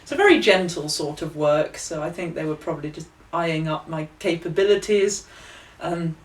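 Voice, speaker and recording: A young woman telling stories as an author guest in a relaxed interview, laughing often and acting out quoted voices. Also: deep voice, moderate pace, distant mic. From England. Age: young adult. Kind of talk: casual interview storytelling. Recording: echoey room, voice off mic.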